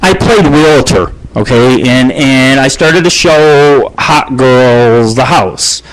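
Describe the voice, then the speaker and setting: A man's voice: medium pitch, lively intonation, slow pace, a little hiss or hum, rough recording. A middle-aged man hosting his own radio show, telling crude stories in a profane, boastful ramble. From United States.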